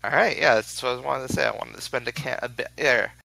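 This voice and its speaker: Male player, bright and forceful voice, eager and foul-mouthed, casual rambling. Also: mid-range voice, fast talker, vocal fry, no echo, rough recording. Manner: eager, swears often, lots of "like". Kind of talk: casual tabletop game chat.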